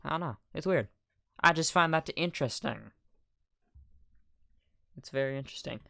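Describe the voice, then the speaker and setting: A man's voice: fairly high pitch, lively intonation, moderate pace, gravelly, sharp tone, no echo, studio quality. A young man co-hosting a casual podcast chat, laughing and protesting in flustered bursts. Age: young adult. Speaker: podcast co-host.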